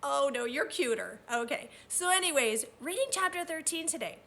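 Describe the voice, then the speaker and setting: Young woman, teacher, high bright voice, very lively pitch, encouraging, sing-song, read-aloud lesson for kids. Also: normal speed, gravelly. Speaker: teacher reading aloud to a class.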